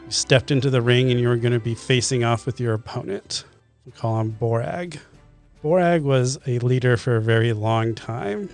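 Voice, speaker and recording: A man's voice: medium pitch, normal speed, vocal fry, darkish tone, faint music behind. A man from Kentucky narrating and ruling as dungeon master in a laid-back, laughing way. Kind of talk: narrating a tabletop game.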